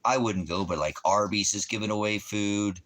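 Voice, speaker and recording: A man's voice: fairly low pitch, moderate pace, a bit bright. A man vlogging in a loose, rambling way, full of ums and repeated phrases. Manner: loose, filler-heavy, repeats himself. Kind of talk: casual rambling chat.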